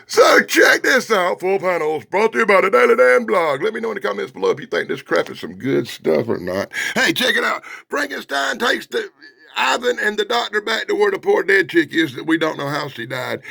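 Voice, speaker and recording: A man reviews a vintage comic, loud and mocking, often shouting. His voice is high and lively, heavy with gravelly fry. It sounds sharp and dry, with no room around it. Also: no room sound. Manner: loud, mocking, excitable, swings between shouting and muttering. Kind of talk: casual, rowdy comic review.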